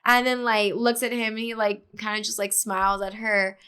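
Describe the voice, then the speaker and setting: A woman's voice: mid-range voice, normal speed, clear, resonant tone. A young woman, a podcast guest, casually telling a story with lots of fillers and acting out what others said. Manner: animated retelling with many fillers, acting out others' lines.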